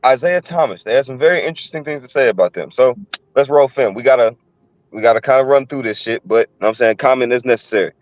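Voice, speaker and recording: A man's voice: medium pitch, fast, dull audio. A man hosting a casual sports debate podcast, blunt and profane as he steers the talk. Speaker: podcast host.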